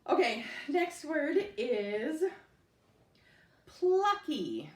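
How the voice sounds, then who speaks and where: Woman in her thirties, patient spelling teacher; slow, clear, step-by-step delivery; roomy echo, recorded at a distance. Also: fairly high pitch, animated. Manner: slow, patient, sounds out words letter by letter. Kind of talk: recorded remote spelling lesson. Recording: echoey room, voice off-mic.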